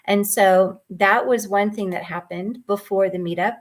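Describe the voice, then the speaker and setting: Woman coach, gentle and earnest, mid-pitched, personal storytelling with casual ums. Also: steady tone, unhurried. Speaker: mindfulness coach.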